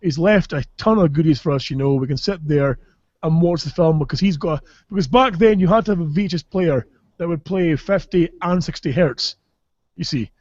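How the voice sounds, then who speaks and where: A man's voice: on the high side, moderate pace, a little mellow, no room sound, muffled recording. A man from Caithness with a Scottish accent, a podcast host telling rambling, sweary comic stories and laughing as he goes. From Caithness, Scotland. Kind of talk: casual comic storytelling.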